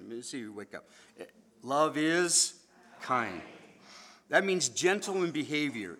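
A male pastor delivers a sermon in church with a bright, forceful voice. He keeps it animated, joking with the congregation and coaxing them to respond. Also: mid-range voice.

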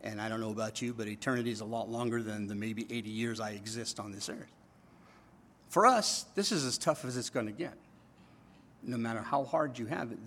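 Guy pastor preaching in church, chatty with the crowd, goes from punchy loud bits to low quiet asides. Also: slight background noise. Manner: conversational, checks in with the congregation; swings between loud emphatic bursts and quiet low asides. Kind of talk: sermon. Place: church before a congregation.

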